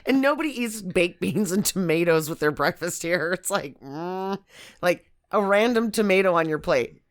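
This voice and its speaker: A woman's voice: lowish voice, lively intonation, normal speed. A woman co-hosting a comedy movie podcast, chatting in a wry, easy way and laughing readily. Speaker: podcast co-host. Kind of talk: casual comedic movie chat.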